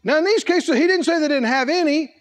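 An older man preaching a sermon, animated and playful, often laughing at his own points. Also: very high-pitched, fairly quick. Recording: hall reverb.

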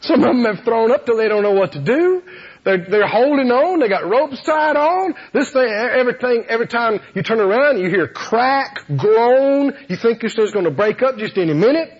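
Male preacher, high husky voice, animated delivery, dull lo-fi recording. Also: normal speed. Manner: animated, laughing, acts out voices. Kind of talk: sermon. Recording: dull lo-fi sound.

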